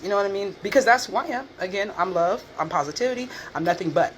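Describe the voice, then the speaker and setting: A woman vlogger talks through her life at a rapid clip and holds nothing back, with blunt profanity throughout. She slips into other people's voices as she retells what happened, over a faint hum of room ambience. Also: mid-range voice. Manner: candid, profane, animated retelling with quoted voices. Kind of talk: casual storytelling chat.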